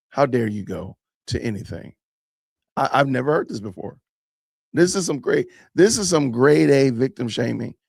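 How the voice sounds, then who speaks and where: A podcast host reacting to a clip, emphatic and sarcastic, repeating phrases for effect. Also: male voice, medium pitch, gravelly, a little mellow, no echo, clean studio sound. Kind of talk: reaction commentary.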